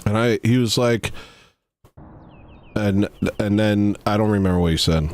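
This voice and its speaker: A man's voice: fairly low pitch, unhurried, a little mellow. A man hosting a satirical livestream, talking in a rambling, self-mocking monologue with mumbled asides. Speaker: comedy livestream host.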